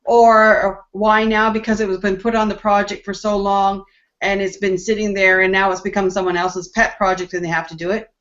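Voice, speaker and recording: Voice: mid-range voice, level tone, normal speed, fairly bright tone. A woman on a panel, casually explaining her point with lots of examples. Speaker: discussion panelist. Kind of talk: casual group discussion. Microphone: video call. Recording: dull lo-fi video call audio.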